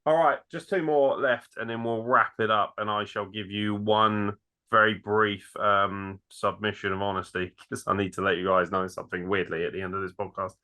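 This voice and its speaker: Male podcast host, bright voice, loose sweary chat. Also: fairly low pitch, fairly even intonation, normal speed. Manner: loose, swears freely, laughs often. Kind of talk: casual interview chat.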